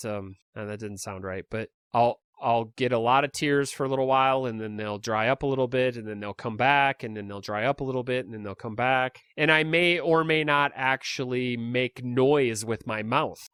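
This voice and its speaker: A man talks through his solo podcast in a loose, rambling way, chuckling at himself as he goes. His pitch sits in a middle range for a man. The recording is dry and close, with no room sound. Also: dry recording. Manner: relaxed, rambling, self-deprecating with chuckles. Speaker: podcast host. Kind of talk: casual solo monologue.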